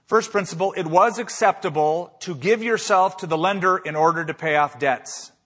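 A man's voice: sits high, moderate pace, fairly bright tone, husky. A man preaching a sermon as a pastor, emphatic, with rhetorical questions and repeated phrases.

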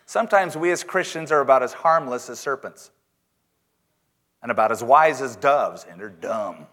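A man preaching a sermon in church, reading scripture slowly and emphatically, with joking asides. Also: medium pitch, animated, a bit bright. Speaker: pastor.

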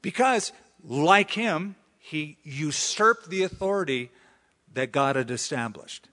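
A man's voice: a little high, animated, slow, sharp tone. A man preaching a sermon, who often acts out the voices of the people he quotes. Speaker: pastor. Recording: long hall reverb.

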